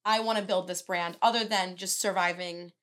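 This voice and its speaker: A woman's voice: on the low side, fairly even intonation, normal speed, fairly bright tone. A woman hosts a podcast in a casual chat. She talks in a gushing, effusive way. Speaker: podcast host.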